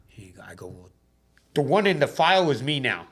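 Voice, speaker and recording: A man's voice: medium pitch, very animated, normal speed, a bit bright. A man from Southern California tells a personal story in loose, casual conversation. He swears freely and acts out the dialogue, switching voices for each person in it. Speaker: podcast guest in recovery.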